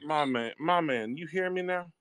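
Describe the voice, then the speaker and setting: Male caller, higher bright voice, animated, crude and rambling. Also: normal speed, clear, resonant tone, dry recording. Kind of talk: casual call-in chat.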